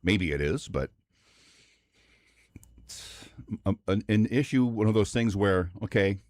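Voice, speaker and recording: Low-voiced measured radio co-host. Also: male voice, expressive, darkish tone, no echo, studio quality. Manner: measured, reasons aloud with hedges. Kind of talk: sports talk radio chat. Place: radio studio. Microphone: studio microphone.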